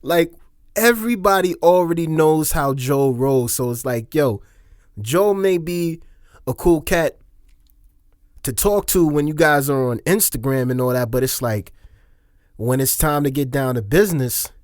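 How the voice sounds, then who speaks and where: A man's voice: fairly high pitch, expressive, measured pace, no room sound, studio quality. Chatty male commentator who laughs often. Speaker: video commentator. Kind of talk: casual video commentary.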